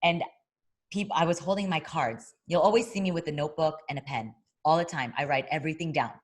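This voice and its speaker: A woman's voice: deep voice, brisk. A woman, a boxing broadcaster, chatting as an interview guest and telling a story, acting out what people said. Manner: lively storyteller who acts out quoted voices; frequent fillers and restarts. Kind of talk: casual interview chat.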